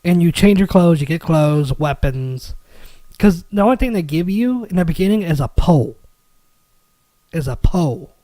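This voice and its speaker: High-voiced kentucky guy on a gaming podcast, jokey and sweary, dry close mic. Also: animated, normal speed, mellow, dry recording. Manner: loose, joking, swears freely. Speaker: podcast host. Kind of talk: casual gaming chat.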